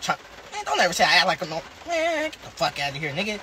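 On a casual phone livestream, a Southern-accented rapper from Charlotte, North Carolina, rambles profanely through replies to his viewers' comments. His voice sits high with huge pitch swings, a quick pace and a sharp tone, plus a little hiss or hum.

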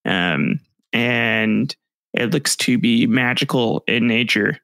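A man's voice: mid-range voice, vocal fry, a bit bright, no room sound. Young male game master, loose and rambly, dry close sound. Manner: casual, halting, laughs at his own descriptions. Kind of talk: narrating a tabletop game.

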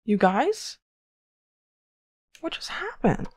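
A young woman giving casual, excitable commentary while playing a horror game, gasping and exclaiming often. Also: fairly high pitch, extremely slow, background noise. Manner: excitable, gasps and frequent exclamations. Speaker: let's play gamer.

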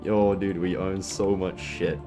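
Low voiced guy doing casual game commentary, hyped, swears a ton, random loud outbursts. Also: fairly quick, soft background music. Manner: excitable, swears a lot, sudden loud outbursts. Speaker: gaming video creator.

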